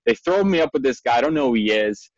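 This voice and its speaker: A man in his thirties telling a lively, profane story as an interview guest, full of fillers and quick laughs. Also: medium pitch, dry recording. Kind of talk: animated storytelling. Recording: dull lo-fi dry sound.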